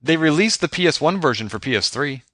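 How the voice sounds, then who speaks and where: Male host, wry casual interviewer; bright, dry sound. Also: fairly high pitch, lively intonation, quick pace, no echo. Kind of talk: casual chat.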